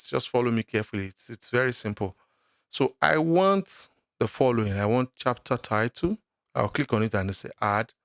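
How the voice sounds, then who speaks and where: A man teaching a software tutorial, talking patiently step by step through each click at his computer. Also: mid-range voice, creaky, dry recording, clean studio sound. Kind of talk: screen-recorded software tutorial.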